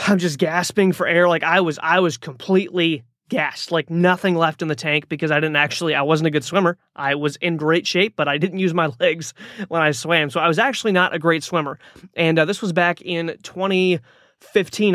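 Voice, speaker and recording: Casual, slightly high-voiced male podcast host. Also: a bit bright, dry recording, studio quality. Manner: casual, rambling, with frequent fillers and restarts. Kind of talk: motivational storytelling monologue.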